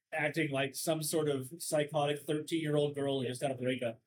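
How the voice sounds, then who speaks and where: A talkative man with a Southern Californian accent and a slightly higher voice. He hosts a relaxed podcast chat and tells long stories in a sardonic, rambling way. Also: normal speed, rough recording. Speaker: podcast host. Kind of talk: casual chat.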